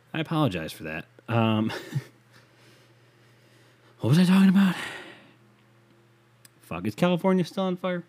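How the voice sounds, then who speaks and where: A man's voice: mid-range voice, darkish tone. Profane rambling man ranting solo. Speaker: podcast host. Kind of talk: casual solo podcast rant.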